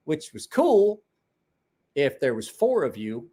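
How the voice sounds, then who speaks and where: On a late-night livestream, this tired Ohioan in his forties tells rambling, profane, folksy stories and acts out quotes. His voice is fairly high and darkish in tone, swinging widely in pitch as he talks fast.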